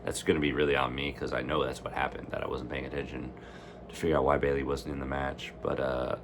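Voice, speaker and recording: A man's voice: rumbling low, little pitch movement, fast talker, noisy background. A man casually ranting in a reaction vlog, rambling and opinionated. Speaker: wrestling fan vlogger.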